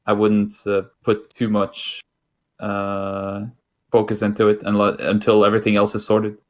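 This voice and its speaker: A man guesting on a gaming chat, explaining game tips in a relaxed way with frequent hesitations. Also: on the low side, a little slow. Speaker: guest player. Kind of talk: casual chat.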